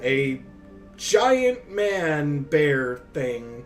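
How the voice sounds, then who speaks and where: A man's voice: mid-range voice, animated, measured pace, far from the mic, soft background music. A man narrating as game master in casual, profane, joking chat.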